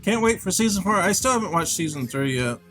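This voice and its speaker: Lively laughing New man. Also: high-pitched, fast talker, soft background music. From New York. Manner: animated storytelling with lots of laughter. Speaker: game developer streaming. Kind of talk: casual chat.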